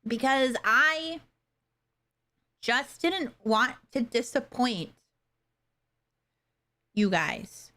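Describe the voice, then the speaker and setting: A young adult woman chatting casually with her livestream viewers, halting and soft-spoken, with many fillers and pauses. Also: fairly high pitch, expressive. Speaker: streamer.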